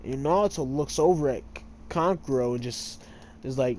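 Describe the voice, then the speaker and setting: A man's voice: mid-range voice, normal speed, a little mellow, slight background noise. A man casually retelling a story while playing a game, full of fillers, often tripping over names and correcting himself. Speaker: gamer retelling a fan story.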